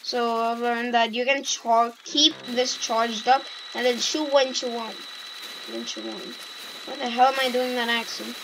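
A woman giving casual, excitable gameplay commentary and shouting at the game. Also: on the high side, moderate pace, few pauses, noisy background. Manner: excitable, yelps and shouts at the game, self-mocking. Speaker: gaming YouTuber.

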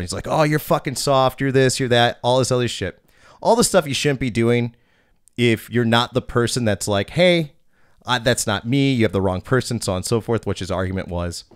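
A man's voice: medium pitch, no echo, clean studio sound. A man in his thirties hosting a podcast, telling a bouncer story in a blunt, profane, casual way.

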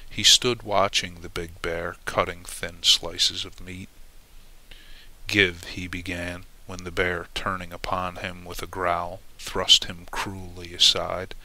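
A man narrating a legend in a measured, dramatic storybook reading. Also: low voice, little pitch movement, sharp tone, low-quality recording.

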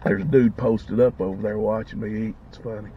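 A food vlogger with a fairly low, fairly even voice talks fairly quickly while eating, savoring each bite and speaking with his mouth full. The casual eating vlog is a dull lo-fi recording with a bit of hiss or hum.

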